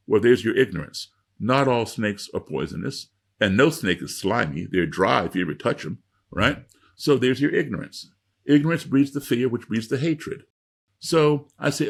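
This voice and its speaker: A man's voice: medium pitch, lively intonation, moderate pace, vocal fry, slightly rough. A middle-aged man telling a story in an interview, lecturing with emphatic repetition. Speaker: guest speaker.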